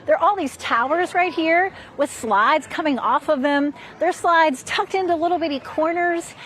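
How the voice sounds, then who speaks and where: A high-voiced woman gives a live report from an outdoor park. She talks in an upbeat, chatty way and sounds a little out of breath. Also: normal speed, fairly bright tone. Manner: upbeat, chatty, laughing between lines.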